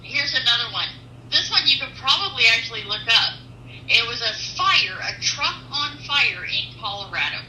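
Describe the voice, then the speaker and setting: A woman truck driver telling a personal faith testimony in an earnest, animated storytelling manner, with pauses. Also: on the high side, echoey room, recorded from a distance, background noise.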